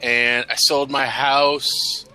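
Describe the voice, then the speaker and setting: A man co-hosting a radio talk show, chatting casually and joking deadpan. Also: medium pitch, extremely slow, soft background music. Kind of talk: casual chat.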